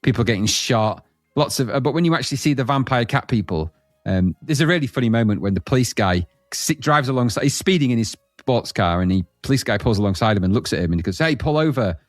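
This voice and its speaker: A man's voice: mid-range voice, lively intonation, fast talker, no room sound, studio quality. A man co-hosting a podcast in casual chat about retro films, blunt and laughing, acting out scenes. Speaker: podcast co-host.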